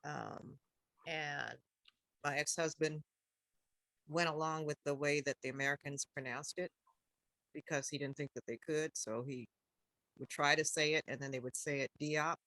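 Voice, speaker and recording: An older woman speaks up on a video call, emphatic and expressive as she makes her point. Her voice is recorded dry and close, with no room sound around it. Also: low voice, moderate pace, pauses often, no echo. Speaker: participant. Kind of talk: casual chat.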